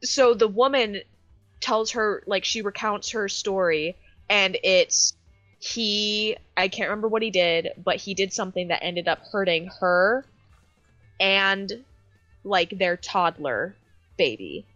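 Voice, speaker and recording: A young adult woman co-hosting a podcast, telling an animated story with swearing and lots of fillers. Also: mid-range voice, slow pace, no room sound, muffled recording, faint music behind. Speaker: podcast co-host. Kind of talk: casual chat.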